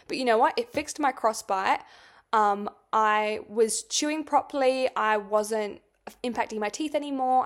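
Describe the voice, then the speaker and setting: A young woman hosting a podcast, telling a personal story in a casual, rambling way, swearing often and filling with "like". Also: fairly high pitch. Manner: chatty, swears a lot, fills with "like". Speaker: podcast host.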